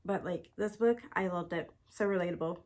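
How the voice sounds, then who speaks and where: A woman's voice: fairly low pitch, brisk, darkish tone. A woman vlogger chatting casually and enthusiastically about her favorite books, gushing with lots of exclamations. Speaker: book vlogger. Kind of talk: casual chat. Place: home, indoors with her cat.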